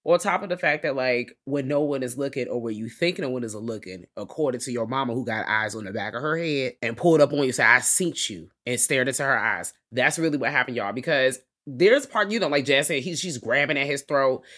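A woman's voice: rumbling low, a little fast, hardly any pauses, fairly bright tone. A woman chats through a film with her co-host in a loose, casual way. She swears easily. She slips into acted-out reactions as she goes. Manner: chatty, profane, acts out quoted reactions. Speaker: podcast co-host.

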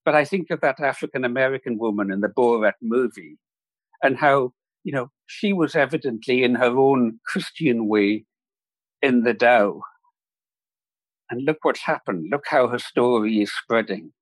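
A man, a podcast guest telling a story in a reflective, measured way. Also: mid-range voice, no room sound, rough recording. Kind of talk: storytelling in a conversation.

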